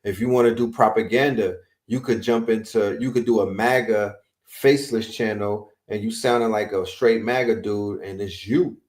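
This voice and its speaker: A man's voice: lowish voice, steady tone, moderate pace, a little mellow, echoey room. A man co-hosting a livestream, talking in a rambling, slangy, emphatic way. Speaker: guest co-host. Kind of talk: casual chat.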